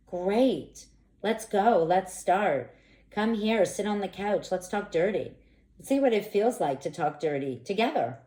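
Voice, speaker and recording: A woman's voice: mid-range voice, a little slow. A woman speaking frankly and expressively as an intimacy coach, in a candid monologue. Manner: frank, expressive, animated bursts. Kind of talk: candid direct-to-camera monologue. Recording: echoey room.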